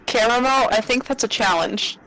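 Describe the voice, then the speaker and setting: A woman's voice: a little high, normal speed, crowd noise, poor audio. A woman player in casual tabletop banter, friendly, chiming in with short quips. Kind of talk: casual banter on a live stream.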